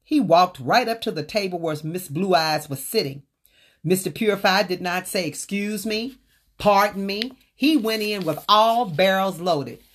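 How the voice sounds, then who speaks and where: Woman, low voice, husky tone, earnest book narration, speaks straight to listeners. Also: normal speed. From Southern United States. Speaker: author reading her own book. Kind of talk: personal storytelling narration.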